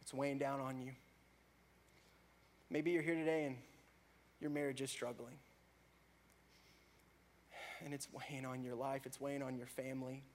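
A man preaching a sermon, rising to loud, fervent prayer and dropping back to a soft, conversational tone. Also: flat delivery, normal speed, pauses often. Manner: builds to loud, high-pitched fervor in prayers; drops to soft, low conversational tone between peaks. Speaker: pastor.

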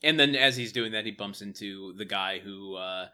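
A man's voice: fairly low pitch, moderate pace, pushed and bright. A man co-hosting a podcast, wryly critiquing a sitcom episode in casual chat. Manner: wry, critiquing, laughs often. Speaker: podcast co-host.

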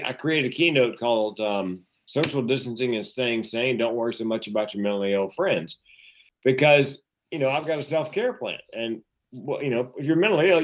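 A man in his fifties, a comedian and keynote speaker, telling stories and punchlines in casual podcast chat with a self-deprecating manner. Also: medium pitch. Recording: dull lo-fi audio.

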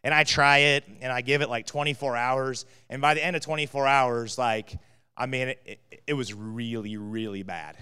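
Male pastor, casual storyteller with a smooth tone; recorded with long hall reverb. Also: mid-range voice, fairly even intonation, normal speed, pushed and bright. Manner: conversational storyteller, many fillers. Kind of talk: sermon with personal story.

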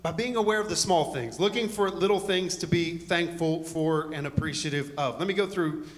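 A man's voice: fairly high pitch, normal speed, in a large hall. A man preaching a conversational sermon to a congregation, full of joking asides and rambling stories. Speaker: pastor.

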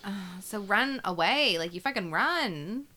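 A woman's voice: mid-range voice, animated, measured pace, sharp tone. A woman co-hosting a podcast, reacting bluntly to a true crime story with lots of swearing and interjections. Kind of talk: casual chat.

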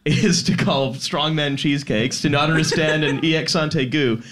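A man's voice: fairly high pitch, measured pace, a bit bright. A man co-hosting a live podcast, rambling and laughing through stumbling restarts. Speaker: podcast co-host. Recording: live audience crowd.

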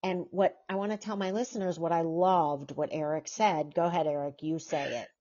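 Woman podcast host, excited and agreeing a lot, kinda lowish voice, muffled audio. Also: moderate pace. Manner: eager, enthusiastic, affirming. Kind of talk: podcast interview. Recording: dull lo-fi sound.

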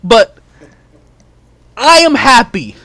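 Man, podcast host, lively swinging pitch, dry close sound, trash-talking, laughing. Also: extremely slow, vocal fry, no room sound. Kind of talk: casual sports chat.

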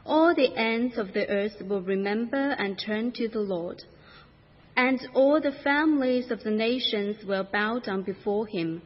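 A woman giving a steady, measured reading of scripture in a church service. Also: fairly high pitch. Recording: dull lo-fi church recording with long reverb.

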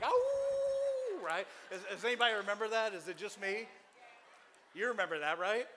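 A man in his forties preaching a sermon to a church congregation, folksy and joking, with animated delivery. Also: fairly high pitch, long reverb tail. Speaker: pastor.

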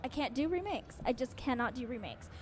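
High-voiced opinionated woman podcast host. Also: lively intonation, brisk, a little mellow, slight background noise. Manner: emphatic, opinionated, laughs often. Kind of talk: casual chat.

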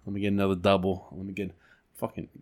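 A man co-hosting a podcast, telling a story in a loose, animated way, swearing freely and acting out his own reactions. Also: low voice, quick pace. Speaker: podcast co-host. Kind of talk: casual storytelling.

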